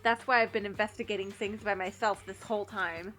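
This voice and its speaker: A woman reading the lines of a calm, reserved teenage girl detective, explaining in a cool, measured way. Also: medium pitch, faint music behind, lightly acted. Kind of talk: reading game dialogue aloud.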